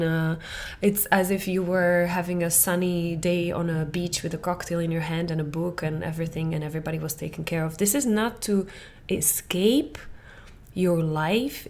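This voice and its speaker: A woman with a fairly low voice hosts a parenting coaching podcast. Her animated monologue swings between soft near-whispers and excited bursts of laughter.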